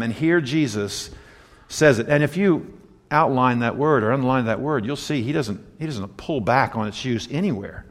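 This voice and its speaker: A man's voice: medium pitch, moderate pace, big-room sound. A man preaching a sermon, emphatic and full of rhetorical questions for his congregation. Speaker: pastor.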